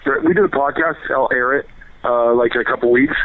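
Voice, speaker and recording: A man telling stories in casual chat as a podcast guest, rambling, excitable and full of swearing. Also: medium pitch, fairly quick, no echo. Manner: profane, rambling, excitable storytelling. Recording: tinny phone-line sound.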